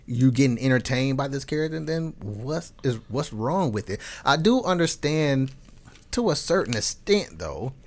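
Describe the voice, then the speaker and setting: A man talks as a guest in a loose conversation, his voice sitting at an ordinary middle pitch. He rambles through his points with restarts and laughs often. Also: very animated, moderate pace. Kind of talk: casual discussion.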